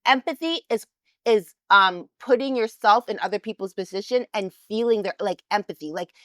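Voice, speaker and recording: A woman's voice: mid-range voice, normal speed, a bit bright, no room sound, studio quality. A woman co-hosting a couples podcast in casual chat, pressing her point and restarting her sentences often. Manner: insistent, explains with many restarts. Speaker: podcast co-host.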